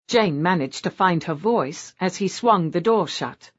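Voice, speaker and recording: A woman narrating a romance audiobook in a scripted style, with a lively, varied delivery. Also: lowish voice, a little slow. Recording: dull lo-fi audio.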